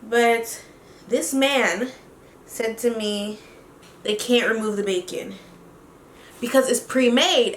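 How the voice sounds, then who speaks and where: Chatty animated woman in an echoey room. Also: on the high side. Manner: animated, chatty, quick laughs. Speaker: beauty vlogger. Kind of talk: casual storytelling while doing makeup.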